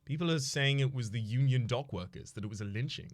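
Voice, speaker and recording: A man voicing a gruff middle-aged male bar manager who haughtily demands money. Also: mid-range voice, fast talker, lightly acted. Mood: grumbling.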